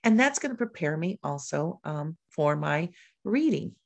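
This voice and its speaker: A woman literacy educator giving a teaching demonstration, modeling a reading lesson with lively questions and prompts. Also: low voice, unhurried, vocal fry.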